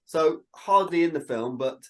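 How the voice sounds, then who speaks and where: A fairly high-voiced man chats as an interview guest. He tells lively anecdotes and acts out the lines of the people in them. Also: a little slow. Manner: animated storyteller, quotes people in dialogue. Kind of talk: casual interview chat.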